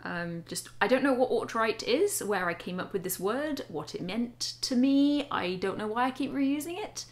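A woman's voice: a little high, animated, normal speed. Self-mocking young woman. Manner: self-mocking, laughing, wry asides. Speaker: vlogger reading her old writing. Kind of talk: casual vlog commentary.

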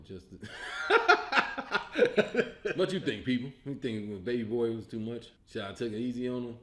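A man from Illinois, a comedian hosting his own show, ranting about a movie in a loud, profane, incredulous way, breaking into laughs. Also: medium pitch, echoey room. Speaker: comedian host. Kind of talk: animated comedic movie rant.

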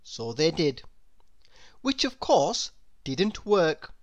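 A woman reading a children's picture book aloud in a slow, expressive, sing-song storytelling voice. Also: low voice, dry recording. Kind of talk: children's read-aloud narration.

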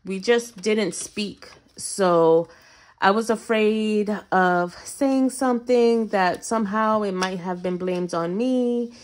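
A young adult woman tells a personal story to her viewers in a casual vlog. Her delivery is expressive and animated, and she keeps turning to the audience with a friendly "you guys". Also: mid-range voice, slow. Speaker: budgeting vlogger.

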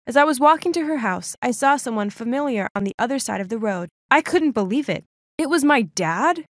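Young female narrator, earnest and dramatic, high voice, dry close mic. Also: lively intonation, a little fast, no echo. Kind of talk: first-person animated story narration.

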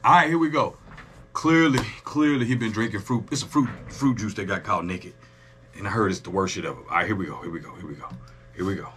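A man hosting a music reaction video, joking loudly and talking straight to his viewers in a casual, profane way. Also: on the low side, fast talker, a little hiss or hum. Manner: animated, joking, profane, talks to his audience.

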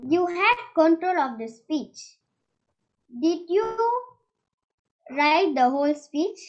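A young woman giving an earnest, halting evaluation of a club speech. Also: very high voice, expressive. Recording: dull lo-fi sound.

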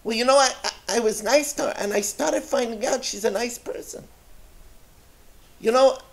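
A man voicing a stingy, brash, complaining townsman in a storytelling sermon, with loud, exaggerated whining. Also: very high-pitched, normal speed, gravelly, voice pushed up, heavily acted. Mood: bewildered.

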